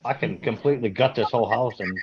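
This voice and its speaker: A man hosting a casual chat with friends, jokey and quick to laugh, cursing casually. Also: mid-range voice, muffled recording, background noise. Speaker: host.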